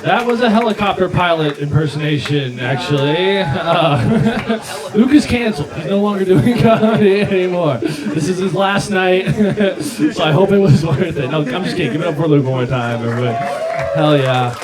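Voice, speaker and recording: A man's voice: sits high, moderate pace. A man hosting a comedy show, teasing the last comic and introducing the next one. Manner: teasing, hyping the crowd. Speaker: host. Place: outdoor backyard show. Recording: live crowd recording from far off. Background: audience cheering.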